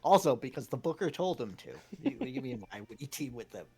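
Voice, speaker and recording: A man's voice: mid-range voice, big pitch swings, fast talker, dark tone, faint music behind. A man co-hosting a game stream in casual chat, cutting in with short, dry, teasing remarks.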